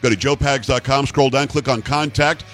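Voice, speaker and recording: A man's voice: medium pitch, fairly even intonation, moderate pace, a bit bright, soft background music. A male talk radio host, blunt and opinionated, reading ads and taking calls with self-mocking jokes. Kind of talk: talk radio and live ad reads.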